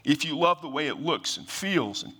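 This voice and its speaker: An older pastor's voice rings out fairly high, pushed, and bright, animated but at normal speed. He explains scripture in a conversational sermon, restarting phrases often and using fillers. The sound has a long hall reverb.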